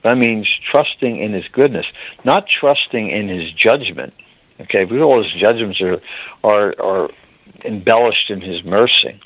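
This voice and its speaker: A man's voice: lowish voice, lively intonation, measured pace, breathy edge, no room sound. A man preaching a sermon, earnest, often addressing his listeners as beloved, choked up with emotion. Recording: dry, phone-like narrow sound.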